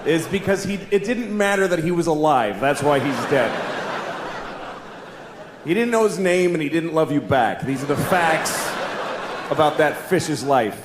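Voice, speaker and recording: A man's voice: fairly high pitch, a little slow. Blunt middle-aged man doing stand-up. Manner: blunt deadpan storytelling with animated voiced asides. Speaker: stand-up comedian. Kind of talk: stand-up comedy set. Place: live comedy stage with audience laughter. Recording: echoey live venue, noisy crowd ambience.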